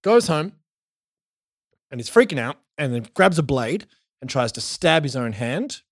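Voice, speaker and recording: A man's voice: mid-range voice, a little slow, husky, dry recording, clean studio sound. A man from Australia casually recapping a show as podcast co-host, telling it with energy and swearing. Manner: animated storytelling with swearing.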